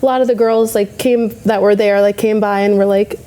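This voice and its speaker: A woman's voice: medium pitch, steady tone, a little fast, warm tone. A young adult woman, a bodybuilding competitor, telling a story casually and acting out her own past thoughts.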